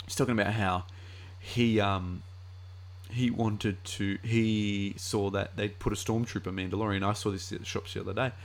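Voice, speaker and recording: A man's voice: on the low side, fairly even intonation, moderate pace, vocal fry. A man chatting casually as a live streamer, rambling with many fillers.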